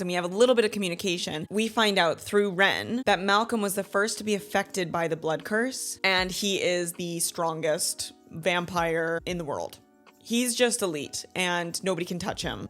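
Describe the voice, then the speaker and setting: A woman in her thirties with a fairly low voice chats through a book review, gushing and animated as she retells each twist. Faint music plays underneath her talk. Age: 30s. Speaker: book club host. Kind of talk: casual book review chat.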